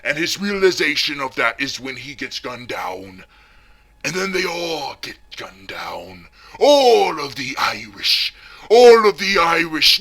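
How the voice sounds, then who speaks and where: A man playing a pompous, self-pitying heavyset villain who vlogs, talking theatrically and swinging between hushed whispers and shouts. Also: medium pitch, creaky, breathy edge, exaggerated voice. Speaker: comic villain vlogger. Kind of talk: parody character vlog.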